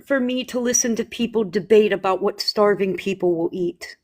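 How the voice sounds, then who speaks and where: A woman's voice: mid-range voice, darkish tone. Earnest woman hosting a livestream. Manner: earnest, impassioned, halting restarts. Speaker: livestream host. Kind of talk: emotional livestream talk.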